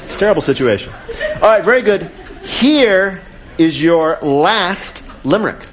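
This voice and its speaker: A man's voice: sits high, expressive, unhurried, lo-fi sound, a little hiss or hum. A man hosting a live comedy news quiz on radio, joking with a caller and slipping into mock voices. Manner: jokey, mock voices for laughs. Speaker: quiz show host. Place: auditorium with live audience.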